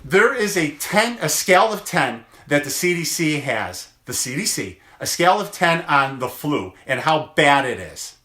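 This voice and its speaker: A male chiropractor talks casually to viewers in a phone livestream, emphatic and full of rhetorical questions. His voice is on the high side and a bit bright.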